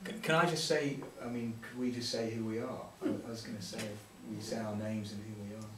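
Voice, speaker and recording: A man's voice: fairly low pitch, steady tone, a little fast, noisy background. A man, director and actor of the film, talking casually at a Q&A, rambling and restarting, laughing often. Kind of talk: casual Q&A talk. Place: theatre hall with audience. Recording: echoey room from far off with audience.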